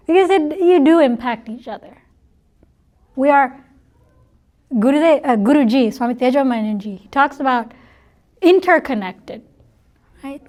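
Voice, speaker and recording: A middle-aged woman speaks to a gathered audience in a high voice. She is chatty and playful, and she laughs easily while she teaches. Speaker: spiritual talk speaker. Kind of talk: informal spiritual talk to an audience.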